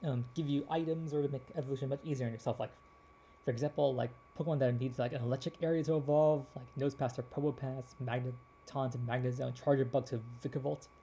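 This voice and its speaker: A man hosting a gaming video, rambling casually with many restarts, his voice a little hoarse. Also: medium pitch, fairly even intonation, fast, warm tone, a little hiss or hum. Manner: rambling, with frequent restarts and fillers. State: slightly hoarse. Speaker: gaming channel host.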